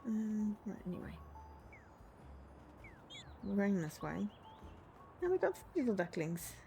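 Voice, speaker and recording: Chatty woman streaming a game, lively pitch. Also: a little slow, vocal fry, faint music behind. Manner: chatty, talks to herself while playing. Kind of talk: casual gameplay commentary.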